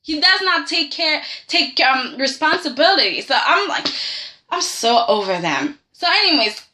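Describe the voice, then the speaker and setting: A woman hosting a casual soap-opera review vlog, animated and sassy, repeatedly pressing her point with "okay?". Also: high-pitched, normal speed, slight background noise. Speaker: host.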